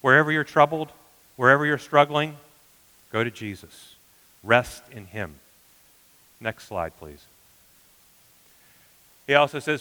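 A man preaching a sermon as pastor, earnest, often dropping to a hushed emphasis. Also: mid-range voice, a little slow, long pauses, long reverb tail, rough recording.

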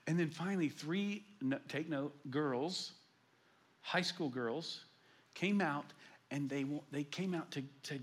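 A man, a pastor preaching a sermon, telling stories and swinging between loud emphasis and hushed asides. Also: on the high side, slow.

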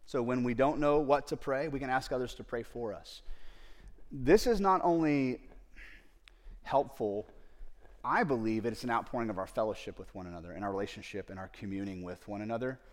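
A man preaching a sermon as a pastor, in a relaxed conversational way with frequent fillers and sudden emphatic rises on key phrases. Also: medium pitch, brisk.

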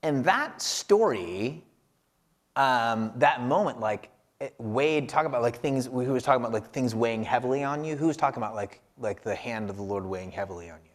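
A podcast co-host reflecting on scripture, this man tells a self-deprecating personal story in a casual, rambling way, full of filler words. His mid-range voice is expressive, at a moderate pace.

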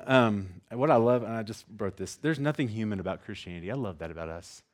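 A man preaching a sermon, reading scripture and explaining it in a jokey, animated way, sometimes acting out scenes with loud shouts. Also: on the low side, brisk, few pauses. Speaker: pastor.

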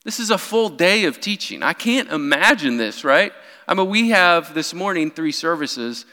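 Preaching man with a bright, ringing voice. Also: fairly high pitch, moderate pace. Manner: animated preaching, rising for quoted cries. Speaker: pastor. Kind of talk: sermon. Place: church sanctuary. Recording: long hall reverb.

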